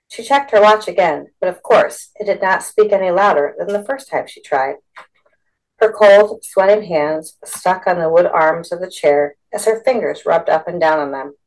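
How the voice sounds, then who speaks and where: A woman narrating a storybook with a steady, expressive delivery. Her voice sits slightly low for a woman. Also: low-quality recording. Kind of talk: storybook reading.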